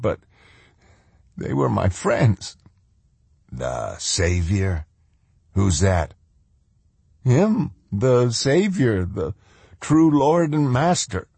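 A man's voice: lowish voice, darkish tone, husky, no room sound, voice pushed up, exaggerated voice. A man voicing a terrified, wounded male prisoner who begs in a shaky voice. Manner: begging, shaky and breathless.

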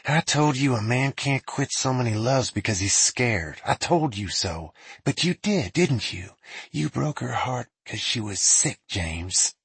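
A bitter male prisoner who taunts in a soft, hissing voice, as a male reader puts him on. The tone is husky and dry, with rises and falls in the voice. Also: medium pitch, lively intonation, measured pace, dry recording, exaggerated voice. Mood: taunting. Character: male jailed old man, bitter, taunting.

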